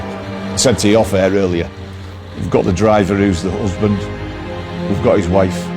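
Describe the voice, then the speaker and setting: A man, a racing team member, speaking steadily and with resignation in an interview. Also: low voice. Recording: music underneath.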